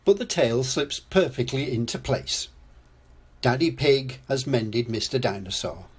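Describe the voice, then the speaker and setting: Slow, husky older man reading a story. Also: medium pitch. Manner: gentle, expressive bedtime-story narration. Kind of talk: storybook read-aloud.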